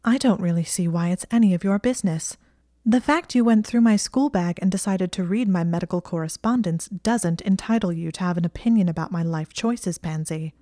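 A woman's voice: on the low side, a little fast, mellow, no echo, studio quality, lightly acted. A woman voicing a clever, stubborn teenage witch girl who speaks in an earnest, clipped, defensive way.

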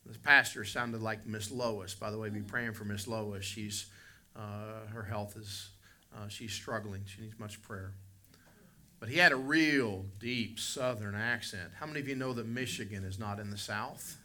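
Bright-voiced storytelling preacher man. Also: fairly low pitch, measured pace. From West Virginia. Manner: storytelling preacher, swings between soft reflective and loud emphatic. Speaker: pastor. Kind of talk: sermon.

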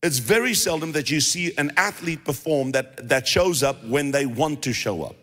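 A man preaching as pastor drives points home emphatically and repeats key phrases. His voice sits on the high side and is a bit bright, at normal speed, echoing with the long reverb of a large hall.

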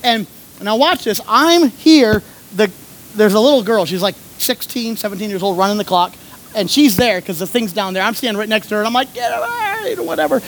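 A man preaching and telling a story, animated, shouting when he acts out scenes. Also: high voice, fairly quick, slight background noise. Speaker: pastor and coach. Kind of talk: sermon with storytelling.

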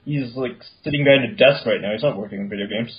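A man's voice: mid-range voice, fast talker. A man co-hosting a casual gaming podcast explains tech matters confidently and at length. The sound comes through muffled lo-fi call audio. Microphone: online call.

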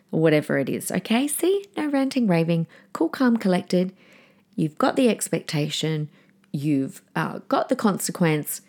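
A middle-aged woman talks through parenting tips on her podcast, her voice sitting fairly low. She is earnest and direct, and slips into a calm, firm tone when she acts out what she tells her kids. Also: normal speed. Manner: warm, earnest, gives numbered tips and acts out calm firm lines to children. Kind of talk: solo podcast advice talk.

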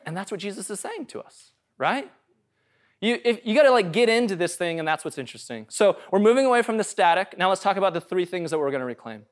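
A man's voice: sits high, big pitch swings, quick pace. A male pastor preaching a casual, conversational sermon, joking and often checking in with the room. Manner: casual, conversational, jokey, asks "right?" often.

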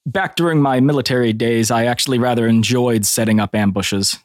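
A man's voice: mid-range voice, fairly even intonation, a little fast, no room sound, clean studio sound, lightly acted. A man voicing a male paladin and former soldier who enjoys setting ambushes, speaking in a polite, formal way. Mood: sly, formal. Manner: polite, formal, quietly pleased with himself. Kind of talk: tabletop role-play in character.

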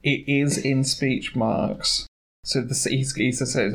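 A man co-hosting a casual book discussion, halting and agreeable and quick to laugh. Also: medium pitch, flat delivery, vocal fry. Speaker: podcast co-host.

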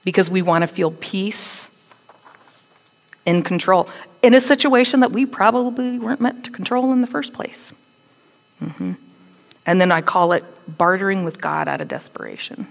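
A woman giving a conversational, animated sermon, acting out quotes with attitude. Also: medium pitch, moderate pace, vocal fry, long pauses, in a large hall. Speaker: preacher.

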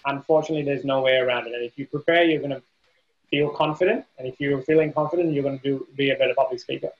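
A man's voice: mid-range voice, steady tone, quick pace, highs cut off. A man co-hosting a casual podcast chat, speaking emphatically about preparing to speak. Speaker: podcast co-host.

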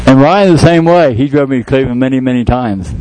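A man's voice: mid-range voice, fast, crowd noise, low-quality recording. A man preaching to a congregation, acting out a comic skit and chatting with people in the room. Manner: animated, jokey, talks to congregation. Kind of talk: sermon with acted skit.

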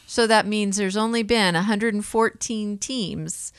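A woman's voice: mid-range voice, a little slow, clean tone, no echo. A woman co-hosting a podcast in casual chat, mostly answering with short affirmations and now and then adding facts. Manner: responsive listener, brief affirmations, adds facts. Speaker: podcast co-host.

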